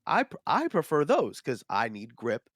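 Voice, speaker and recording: A man's voice: fairly high pitch, normal speed, no room sound, clean studio sound. Rambling man telling a story on a podcast. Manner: rambling, animated storytelling with many fillers. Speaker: podcast co-host. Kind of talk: casual chat.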